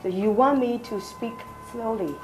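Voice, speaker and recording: A woman's voice: on the high side, normal speed, reverberant, over loud music, poor audio. A woman teaching English in a classroom, prompting students with phrases and praising their answers.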